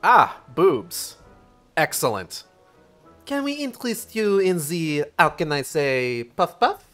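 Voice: mid-range voice, big pitch swings, slow, fairly bright tone, soft background music, pitched above the performer's own voice. A streamer voicing a flirty French woman attendant from a game, with a put-on French accent and a teasing, sing-song manner. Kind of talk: reading game dialogue aloud.

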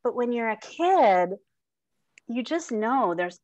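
A woman's voice: a little high, big pitch swings, slow, a little mellow, no room sound, highs cut off. A middle-aged woman speaking as an interview guest, open and heartfelt, laughing often and restarting her sentences. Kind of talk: candid personal interview.

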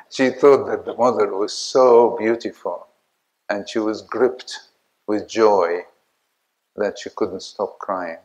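Older male lecturer, very low voice, unhurried, halting delivery full of fillers, poses questions to the audience. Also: low-quality recording. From Egypt. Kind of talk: academic lecture.

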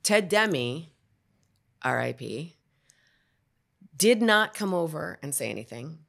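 Woman guest, low voice, gravelly, animated storytelling. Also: takes it slowly. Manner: animated storyteller, acts out quotes. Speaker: podcast guest. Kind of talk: storytelling on a podcast.

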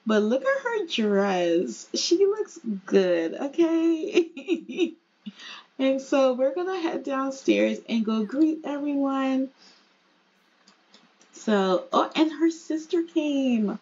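A woman giving chatty, excitable commentary as she plays a life-simulation game. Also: high voice, slow, dull audio. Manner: chatty, excitable, laughing asides. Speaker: gaming creator. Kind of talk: casual gameplay commentary.

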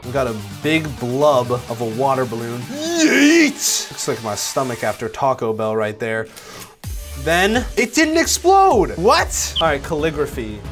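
Young guy reacting to videos, super animated voice swinging all over, slangy and hyped, music playing under him. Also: medium pitch. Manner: excitable, slangy, quick exclamations. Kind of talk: casual reaction commentary.

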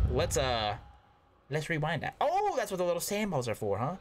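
Excitable man with a wildly swinging voice. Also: fairly high pitch, moderate pace, noisy background. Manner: excitable, talks to himself, yelps at close calls. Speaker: gaming YouTuber. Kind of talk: casual gameplay commentary.

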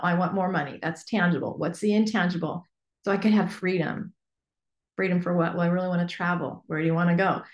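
A woman business coach teaching a workshop in a chatty, animated way with lots of fillers. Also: on the low side. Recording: echoey room.

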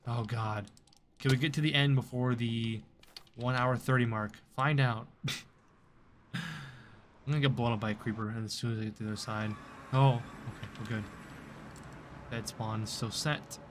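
A man's voice: medium pitch, fairly even intonation, moderate pace, long pauses, noisy background. A man giving chatty, self-mocking commentary while playing a game at his computer desk. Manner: chatty and self-mocking, talks to the game's creatures. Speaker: streamer and gaming video creator. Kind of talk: live gameplay commentary.

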